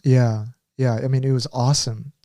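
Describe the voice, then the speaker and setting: Rambling man with a dark voice. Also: medium pitch, level tone, normal speed, no room sound, studio quality. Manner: rambling, many fillers and restarts. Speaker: podcast co-host telling his story. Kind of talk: casual chat.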